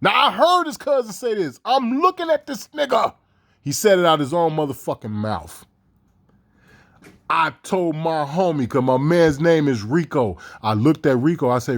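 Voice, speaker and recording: Heated, high-voiced man. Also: expressive. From Chicago. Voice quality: fast, heated, repetitive delivery. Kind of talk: profane conspiracy rant.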